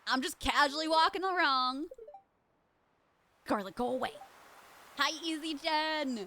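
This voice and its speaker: A woman's voice: high-pitched, measured pace, bright, forceful tone, a little hiss or hum. A young woman streaming a video game live, chatting casually in a playful, teasing way. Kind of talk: casual live gameplay chat.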